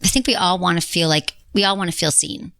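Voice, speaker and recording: A middle-aged woman hosts a podcast in a casual, chatty way, upbeat and frank as she hands out advice. Her voice sits a little low and sounds dry and close, with no room around it. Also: quick pace, vocal fry, a bit bright, no echo. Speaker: podcast host. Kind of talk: casual chat.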